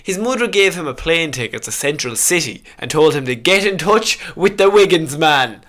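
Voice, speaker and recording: A man's voice: fairly high pitch, expressive, normal speed, a bit bright. A young man co-hosting a podcast, retelling a comic-book story in a casual, playful way and laughing often. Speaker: podcast co-host.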